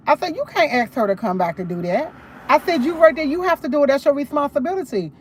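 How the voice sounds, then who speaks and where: A woman's voice: high voice, lively intonation, fast talker, slight background noise. A woman livestreaming, retelling a conversation in a casual, emphatic way. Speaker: livestream host.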